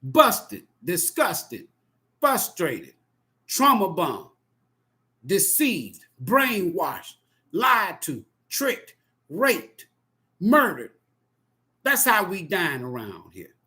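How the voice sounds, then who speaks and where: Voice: mid-range voice, huge pitch swings, extremely slow, long pauses, bright, forceful tone. A tarot reader delivering an impassioned spoken monologue in a profane, emphatic, preachy way.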